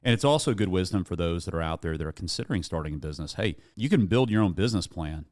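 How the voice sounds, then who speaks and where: A man's voice: low-pitched, expressive, quick pace, a little mellow, dry recording. A man hosting an interview in a small radio studio, earnest and reflective, drawing lessons for listeners. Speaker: host.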